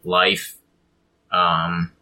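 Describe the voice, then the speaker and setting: A man's voice: low voice, little pitch movement, extremely slow, bright, forceful tone, rough recording. A man in casual chat, explaining how to build a fantasy pantheon, rambling with frequent ums. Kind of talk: casual chat about tabletop game design.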